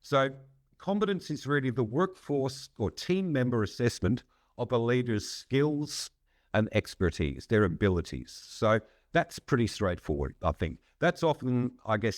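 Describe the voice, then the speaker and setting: A man, a psychologist and consultant explaining ideas in a measured, conversational way with frequent hesitations. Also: medium pitch, no room sound, studio quality. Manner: measured, frequent "um" and restarts, occasional laugh. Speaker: psychologist and consultant, podcast guest.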